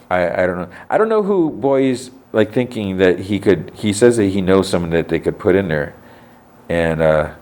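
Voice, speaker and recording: A man's voice: low voice, a little mellow. A man co-hosting a podcast, chatting casually about a TV episode and thinking aloud as he goes. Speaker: podcast co-host. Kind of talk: casual TV chat.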